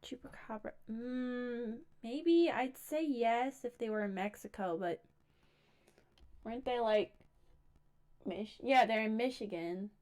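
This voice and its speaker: Chatty woman tossing in quick asides. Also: a little high, a little mellow. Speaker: host reacting to stories. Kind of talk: casual reaction commentary.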